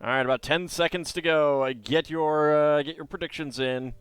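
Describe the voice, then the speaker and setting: A man's voice: a little high, fairly even intonation, moderate pace, smooth, no echo, soft background music. A man streaming live, thinking aloud in hesitant, rambling commentary.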